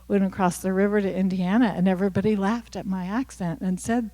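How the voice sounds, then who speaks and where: A woman in her sixties with a softened Kentucky Appalachian accent talks candidly to a university audience. Her voice sits in a mid range, and she keeps the talk loose with asides, fillers and restarts. A long reverb trails her words around the hall. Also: mid-range voice, fairly even intonation, brisk. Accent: Appalachian Kentucky, softened toward neutral. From Kentucky, USA. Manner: candid, chatty, self-deprecating, with many fillers and restarts. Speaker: author giving a talk. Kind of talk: casual talk with audience questions.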